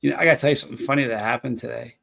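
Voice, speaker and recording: Guy with a bit of fry in his voice, casual livestream chat, rambles and greets viewers. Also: mid-range voice, steady tone, racing, a bit bright. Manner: rambling, storytelling, chatting with viewers. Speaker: livestream host. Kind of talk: casual live stream chat.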